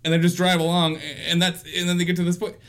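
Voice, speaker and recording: A man's voice: high-pitched, monotone, fast talker, fairly bright tone. A man co-hosting a podcast, chatting casually, laughing often and ranting in an exaggerated way. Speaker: podcast co-host. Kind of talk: casual chat. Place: very hot small room.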